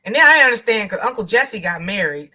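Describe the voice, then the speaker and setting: A woman in her thirties trades easy talk on a trivia livestream, laughing often and reading viewer comments aloud. Her voice is bright and clear, sitting at a middle pitch. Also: lively intonation, a little fast. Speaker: livestream co-host. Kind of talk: casual chat on a trivia livestream.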